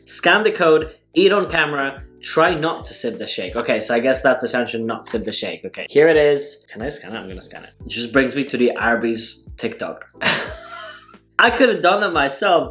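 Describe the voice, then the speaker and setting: A man's voice: mid-range voice, a bit bright. A man hosting a casual eating vlog, talking through mouthfuls in a wry, sarcastic way. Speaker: food vlogger. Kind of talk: casual mukbang vlog talk.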